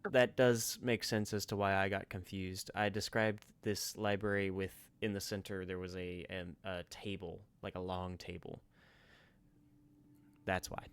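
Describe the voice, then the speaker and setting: A man's voice: sits low, level tone, a little slow, clear, resonant tone. A man narrating a tabletop game as game master, describing scenes with frequent restarts.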